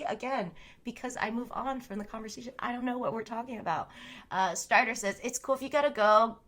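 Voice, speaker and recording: A woman's voice: mid-range voice, fairly bright tone. Rambling, oversharing woman streamer. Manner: rambling, oversharing, frequent "like" fillers and swearing. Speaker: streamer chatting with viewers. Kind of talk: casual live-stream chat.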